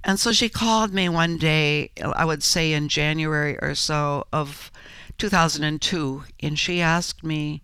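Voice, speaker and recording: An older woman telling her story as an interview guest, earnest and halting, with frequent restarts. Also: sits low, a bit bright, clear, resonant tone, no room sound. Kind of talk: interview conversation.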